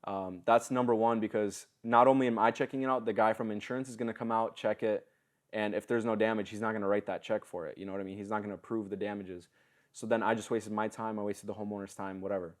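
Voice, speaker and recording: A young man in his twenties, speaking fast with a lowish voice, appears as a podcast guest. He tells stories in a lively way, using casual slang.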